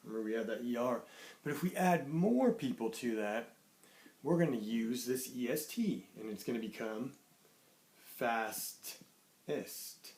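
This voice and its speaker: A man's voice: medium pitch, lively intonation, darkish tone. Male teacher, cheerful, patient, mid-range voice, sounds out words for young kids. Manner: cheerful, sings a greeting song, slow clear sounding out of words. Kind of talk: online lesson for young children.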